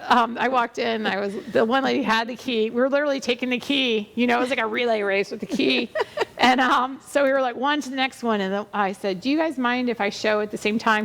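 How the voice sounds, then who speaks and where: A woman's voice: a little high, creaky, fairly bright tone. A woman realtor hosting a real estate show, telling stories in a chatty, rambling way with many fillers and restarts. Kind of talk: casual conversational storytelling.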